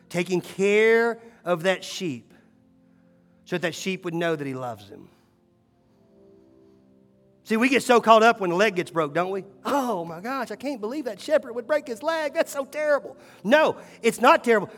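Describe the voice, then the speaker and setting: Pastor, male, preaching a sermon; high-pitched voice, long reverb from a church hall, shifts from hushed to emphatic. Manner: swings between hushed, slow moments and rising, emphatic calls.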